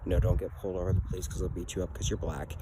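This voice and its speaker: A man's voice: low voice, level tone, very fast, noisy background. A teenage boy telling his own story in an earnest, rambling way, often saying "anyways". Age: teens. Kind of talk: personal story to camera.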